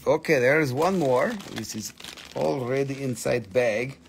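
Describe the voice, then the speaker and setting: A man hosting a live sales stream, talking with excited, animated patter as he shows and prices each item. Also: mid-range voice, a little slow, vocal fry, a little hiss or hum.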